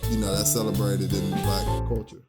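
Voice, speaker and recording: Low-voiced man with a slight country twang. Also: level tone, moderate pace, loud music behind the voice. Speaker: podcast co-host. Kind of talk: casual chat.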